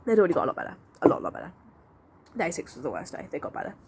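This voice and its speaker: A woman's voice: deep voice, very fast, vocal fry, noisy background. A young woman, telling a long personal story casually and in a rambling way, full of fillers. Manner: rambling, animated, lots of fillers and "I was like". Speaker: vlogger.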